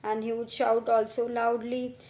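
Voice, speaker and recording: A woman's voice: on the high side, level tone, a little slow, darkish tone. A woman teacher with an Indian English accent, reading a textbook story aloud and explaining each line in simpler words. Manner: reads a line then paraphrases it, often starting with "see". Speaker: school teacher.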